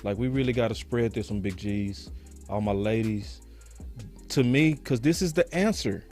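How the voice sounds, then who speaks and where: A man's voice: fairly low pitch, normal speed, darkish tone. Dallas guy hosting sports talk, heated and passionate, cussing a lot, faint music behind. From Dallas, Texas. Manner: passionate, ranting, curses freely. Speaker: sports show host.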